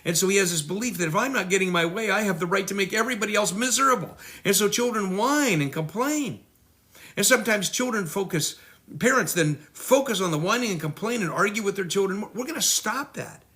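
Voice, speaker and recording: A middle-aged man giving a parenting lesson, acting out children and parents in quick voices. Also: sits high, animated, pushed and bright. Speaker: parenting teacher. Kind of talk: teaching talk.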